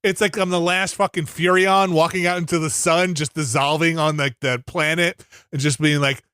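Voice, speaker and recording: Bright, animated male podcast host. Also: high voice, moderate pace, few pauses, clean tone, dry recording, clean studio sound. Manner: animated storyteller, acts out quoted lines. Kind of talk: casual podcast chat.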